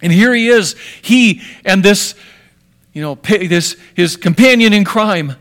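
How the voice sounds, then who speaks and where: A man preaching a sermon with dramatic swings between hushed and emphatic delivery. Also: high voice, expressive, unhurried.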